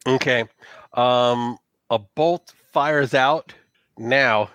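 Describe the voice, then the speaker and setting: Halting man narrating as game master. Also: medium pitch, fairly bright tone, smooth, dry recording. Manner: loose, halting, full of "like" and restarts.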